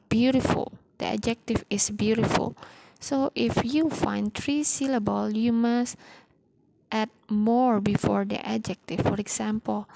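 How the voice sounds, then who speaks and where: A woman's voice: fairly high pitch, creaky, warm tone, no echo, rough recording. A woman teacher explaining English grammar step by step, reading example sentences in simple, non-standard phrasing. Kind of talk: recorded grammar lesson.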